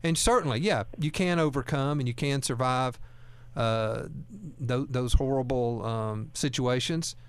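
A man's voice: medium pitch, a little slow, hardly any pauses, clear, resonant tone. A man hosting a talk radio show, speaking in a folksy, earnest way and often repeating words as he goes. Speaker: radio host.

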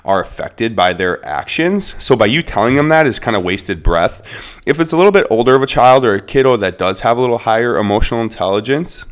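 A man's voice: mid-range voice, animated, fairly quick, smooth. A man in his thirties co-hosting a parenting podcast, explaining child behavior in a conversational way. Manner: explanatory, conversational, reasons aloud. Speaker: podcast co-host.

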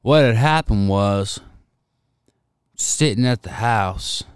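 A man with a fairly low voice spins profane, animated stories for a casual podcast, slipping into quoted dialogue as he goes. He sounds close and dry, with no room around him. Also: slow pace, clear, resonant tone, no echo. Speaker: podcast co-host. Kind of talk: casual storytelling with crude humor.

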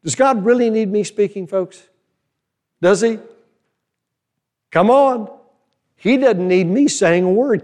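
An older man preaching a sermon in a folksy, animated way, full of rhetorical questions to the crowd. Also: high voice. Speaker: conference speaker.

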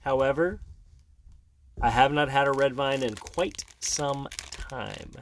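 A man's voice: mid-range voice, slow, a little hiss or hum. A middle-aged man, a dad co-hosting a snack tasting show with his child, talking in a casual, rambling way that often breaks off mid-sentence. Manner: rambling and self-interrupting, with jokey opinions. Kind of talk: casual chat.

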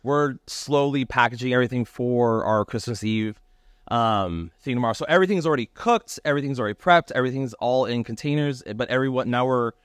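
Laid-back pitmaster, mid-pitched voice. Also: male voice, fairly quick, clean tone, dry recording. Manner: relaxed, profane, laughs along. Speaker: barbecue pitmaster, co-host. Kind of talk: casual chat. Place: restaurant kitchen.

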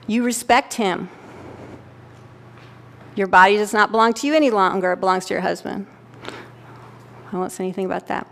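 A woman's voice: medium pitch, fairly even intonation, fairly quick, pauses often, slight background noise. A middle-aged woman giving a sermon to a congregation, talking candidly and conversationally and often checking in with her listeners. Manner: conversational, candid storytelling with frequent "right?" check-ins. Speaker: pastor's wife preaching. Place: church sanctuary. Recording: church hall with long reverb.

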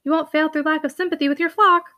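Lady reading as a proud young heiress, cutting and bright, kinda high. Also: steady tone, quick pace. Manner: haughty, cutting, emphatic. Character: proud young heiress, spirited and quick to scorn.

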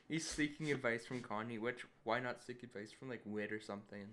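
A man's voice: mid-range voice, brisk, a bit bright. A man co-hosting a casual recap chat, laughing often and giving short agreeing replies. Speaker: podcast co-host.

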